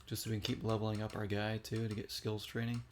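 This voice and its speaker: A man's voice: fairly low pitch, monotone, quick pace, a little hiss or hum. A man giving casual, chatty commentary while playing a video game and reacting aloud to each shot. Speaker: gaming streamer.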